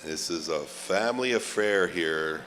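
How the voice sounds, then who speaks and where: A man announcing at a live gathering, unhurried and slightly low-pitched. His words ring out with a long loudspeaker echo, and a faint hum sits underneath. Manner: slow, drawn-out calls with frequent "oh, uh" fillers and joking asides. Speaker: pow wow emcee. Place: large outdoor event grounds.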